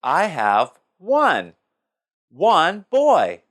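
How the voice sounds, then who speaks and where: A speaker reading slow, scripted lines from an English practice dialogue. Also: mid-range voice, wildly swooping pitch, a bit bright.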